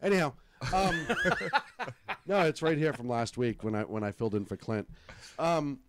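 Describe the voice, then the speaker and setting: A man's voice: medium pitch, lively intonation, moderate pace, noisy background. A middle-aged man co-hosting a casual political chat show, blunt and opinionated, swearing freely. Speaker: co-host.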